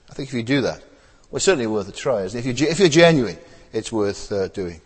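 A man gives a sermon in an easy, conversational way, full of rhetorical tag questions. He often stalls, hesitates and repeats words before pressing on. His voice is a little husky and its pitch moves a lot, with a long hall echo trailing behind it. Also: lively intonation, fast. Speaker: preacher.

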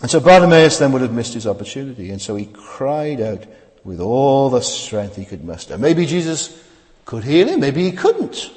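Man preaching with lively pitch in a reverberant hall. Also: normal speed. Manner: rhetorical tag questions, repeated restarts. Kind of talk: sermon. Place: church service. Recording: long reverb of a large hall.

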